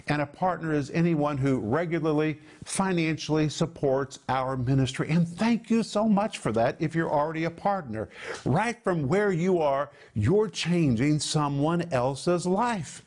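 A middle-aged man giving an emphatic, measured televised Bible teaching. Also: a little high, a little mellow. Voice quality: emphatic, measured preaching delivery.

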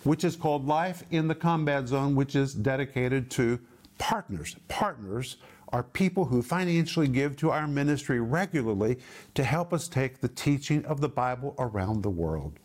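A man teaching the Bible on a broadcast program, emphatic and stretching key words out slowly. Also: medium pitch, lively intonation, darkish tone.

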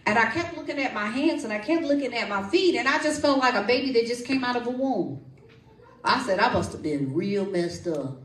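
Lively woman preaching in an echoey church. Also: a little high, brisk, distant mic. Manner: lively, call-and-response, folksy. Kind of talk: sermon with testimony and prayer. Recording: echoey room, voice from off-mic.

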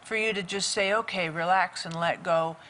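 Upbeat woman host, bright voice, urging viewers to call, slight hiss. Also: fairly low pitch, steady tone, normal speed, low-quality recording. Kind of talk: talk show hosting.

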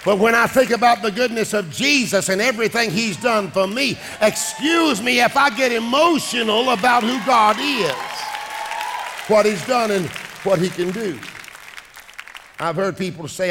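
High gravelly-voiced preacher shouting and singing. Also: male voice, lively intonation, measured pace, a little hiss or hum. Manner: preaching in shouts and sung cadences, calling out to the congregation. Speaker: pastor. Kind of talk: sermon. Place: large church hall with congregation. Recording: echoing hall with music and crowd.

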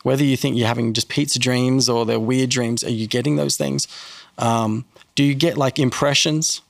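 A man's voice: medium pitch, moderate pace, gravelly, no room sound, clean studio sound. A man talking casually as a podcast guest, telling faith stories and acting out the people in them with a raised voice. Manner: animated, acts out quoted people in a raised voice. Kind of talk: casual faith talk with storytelling.

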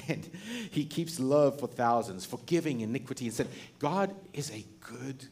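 This is a sermon from a middle-aged pastor whose delivery is conversational and full of energy. He keeps restarting sentences, laughs often, and talks at a moderate speed in a medium pitch.

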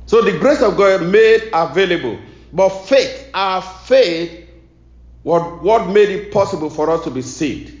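Guy preaching a sermon, slow rhythmic repeats, kinda high voice, roomy echo. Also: animated, lo-fi sound. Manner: rhythmic, repetitive preaching cadence.

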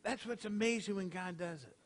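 Speaking fairly quickly in a high-pitched voice, a male rabbi gives his congregation a relaxed, conversational sermon in the congregation hall, peppering it with rhetorical questions.

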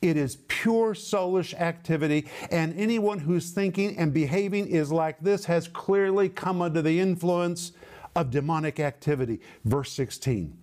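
Male preacher, slightly raised pitch, emphatic and measured in delivery. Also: a little mellow. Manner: emphatic, lists words in slow measured cadence. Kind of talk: sermon.

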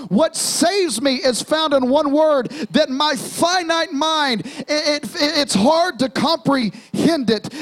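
High-voiced young preacher man. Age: young adult. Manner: call-and-response preaching, half-singing hymn lines. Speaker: pastor. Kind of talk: sermon. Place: church sanctuary.

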